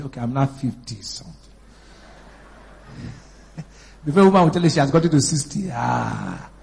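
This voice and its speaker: A man in his fifties preaching a sermon in church, swinging between shouted exhortation and chatty storytelling. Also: mid-range voice, breathy edge. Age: 50s. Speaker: pastor.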